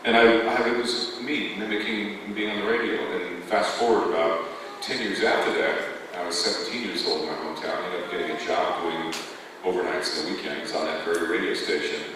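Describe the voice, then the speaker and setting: A man's voice: deep voice, fairly even intonation, fairly quick. A man from Canada telling rambling, self-deprecating stories on a convention panel. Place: convention hall. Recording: echoey hall from far off, noisy.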